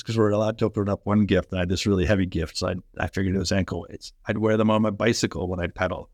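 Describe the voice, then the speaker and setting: A middle-aged man from Canada, a former pro hockey player, telling energetic, fast-flowing stories in a podcast interview. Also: low voice, no echo, studio quality. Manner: energetic, fast-flowing anecdotes with quoted dialogue. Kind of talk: animated storytelling in a podcast interview.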